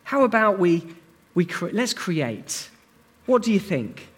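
A man's voice: high-pitched, sing-song, slow, husky, full character voice. A man preacher voicing an imagined God the Father who talks in a chatty, playful way. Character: imagined God the Father, friendly and casual male.

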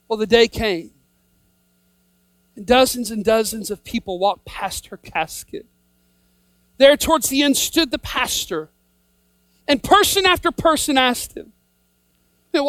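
High-voiced woman preaching with fervor. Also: animated, measured pace, smooth, dry recording. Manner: emphatic, repeats a refrain, rises to shouting. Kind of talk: sermon.

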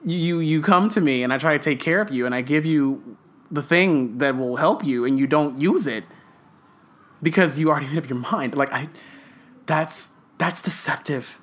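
Guy on a podcast ranting, swears constantly, rough around the edges, really fired up. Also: a little high, moderate pace. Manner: profane, passionate ranting. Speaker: podcast co-host. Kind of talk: casual chat.

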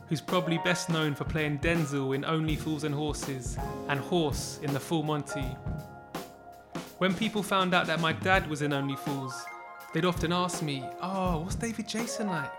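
A man hosting a music podcast, reading a scripted introduction in a clear, measured way. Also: on the high side. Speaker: podcast host. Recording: music bed under voice. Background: music with drums.

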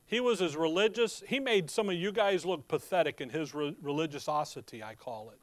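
A man's voice: a little high, moderate pace, dry recording. A man preaching a sermon in a conversational, storytelling way. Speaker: pastor.

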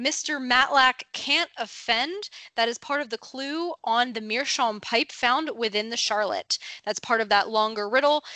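A woman's voice: fairly high pitch, pushed and bright, no echo. A young adult woman co-hosting a casual podcast, explaining facts in a friendly, informative way and laughing easily. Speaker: podcast co-host.

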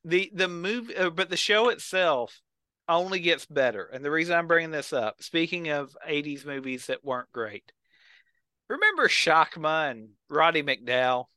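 A man's voice: a little high, animated, moderate pace, bright, forceful tone, clear, resonant tone, no echo. A man on a podcast, telling a story with enthusiasm and acting out the quotes. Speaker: podcast co-host. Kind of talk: casual chat.

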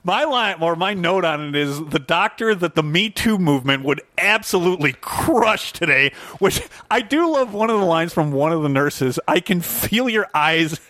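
Bright-voiced man in casual podcast chat. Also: on the high side, no echo. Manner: animated, laughs easily, quick asides. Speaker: podcast co-host. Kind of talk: casual film discussion.

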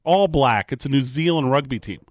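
A man hosting a morning sports talk radio show from a studio, bantering in a quick, joking way. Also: mid-range voice, no room sound. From American Midwest. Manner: animated, quick, joking delivery. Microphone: studio microphone.

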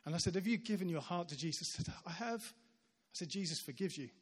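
A man preaching a sermon, his voice pitched a little high. He tells stories in an animated way, acting out the people in them. His words carry a long reverb through a large church hall. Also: brisk, breathy edge. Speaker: visiting preacher. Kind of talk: sermon storytelling.

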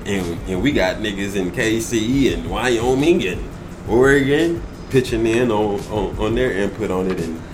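A man's voice: lowish voice, expressive, unhurried, noisy background. A man co-hosting a podcast, chatting loosely in slangy banter and laughing often. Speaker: podcast co-host. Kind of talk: casual chat.

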